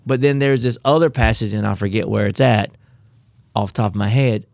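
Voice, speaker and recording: A man co-hosting a casual Bible study talk, telling the story with animated, playful asides. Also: lowish voice, fairly quick, gravelly, dry recording. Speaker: co-host of a Bible study podcast.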